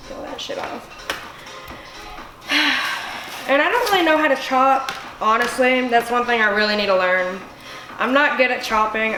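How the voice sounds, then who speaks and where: A tipsy woman hosting a casual cooking vlog, rambling and swearing freely as she chops. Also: fairly high pitch. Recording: echoey room with music behind.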